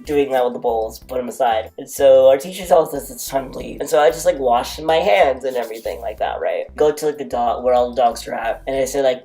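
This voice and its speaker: Guy rambling through a storytime, mellow voice, lots of "like", faint music behind. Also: normal speed, hardly any pauses. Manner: jumps to high squeaky voices for quotes. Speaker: storytime vlogger. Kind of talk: casual storytelling.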